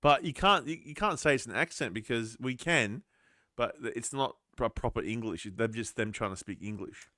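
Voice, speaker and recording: An Australian man co-hosting a podcast, chatting in an animated way with lots of fillers. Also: medium pitch, normal speed, dry recording, studio quality. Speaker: podcast co-host. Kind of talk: casual chat.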